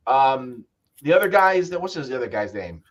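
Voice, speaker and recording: A man's voice: mid-range voice, big pitch swings, brisk, a little hiss or hum. A man co-hosting a live review show in casual chat, rambling and restarting his sentences as he thinks aloud.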